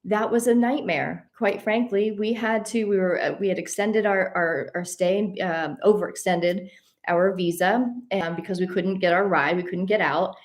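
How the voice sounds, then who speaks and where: A woman telling a personal travel story in a casual, animated way. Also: medium pitch, normal speed. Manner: animated, addresses listeners as y'all. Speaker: host.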